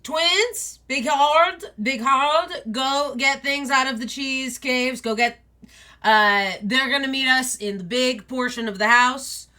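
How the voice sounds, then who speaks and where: A woman voicing a big, friendly, fatherly old male wolf who leads the pack, talking loudly and cheerfully in a tabletop role-play. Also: high voice, slow pace, pitched above the performer's own voice, heavily acted. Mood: bossy cheerful.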